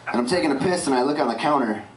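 A man's voice: mid-range voice, racing. A man in his twenties doing stand-up, telling self-mocking stories. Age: 20s. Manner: lively, self-mocking storytelling. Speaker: stand-up comedian. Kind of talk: stand-up comedy set. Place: comedy club stage. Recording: roomy, distant club recording. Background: audience laughter.

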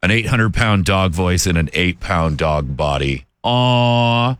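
A man's voice: low-pitched, expressive, slow pace, fairly bright tone, clean tone, no room sound. Laid-back joking male radio host. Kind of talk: casual radio chat with a caller.

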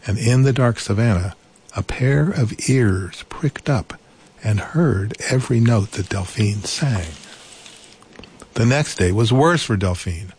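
Brief: male storyteller, low and husky, gentle read-aloud with asides. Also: animated. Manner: gentle, unhurried, adds asides.

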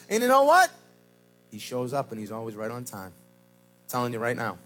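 A man pastor preaching a sermon at a church service, swinging from shouted lines to low, slow emphasis. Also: very animated.

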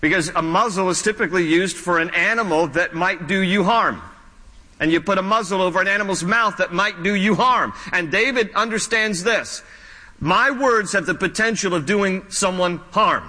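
A male pastor preaches a sermon in a bright, high voice. He talks to his listeners conversationally and acts out the lines he quotes. A long reverb from the hall trails his words. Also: normal speed.

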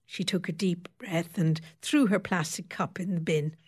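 A woman reading a novel aloud as audiobook narrator, in steady, expressive storytelling. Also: lowish voice, moderate pace, slightly rough. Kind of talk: scripted narration.

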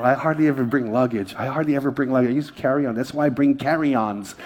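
A man's voice: mid-range voice, fast talker, few pauses, a little mellow, a little hiss or hum. A man preaching a sermon to his church, conversational and joking with the congregation. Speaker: pastor.

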